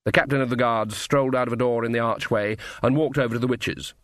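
A man's voice: mid-range voice, steady tone, fast, a bit bright, dry recording. A man narrating an audiobook in a wry, dry manner. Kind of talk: scripted narration.

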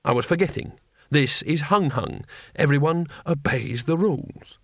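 A man's voice: fairly high pitch, unhurried, husky, no room sound. A man voicing a cowardly male wizard who talks in a dry, sarcastic, exasperated way.

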